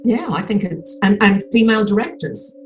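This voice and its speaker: An older Australian actress, speaking with an Australian accent, chats frankly and cheekily as a podcast interview guest, full of restarts. Her mid-range voice moves at a moderate pace, with soft background music and poor audio.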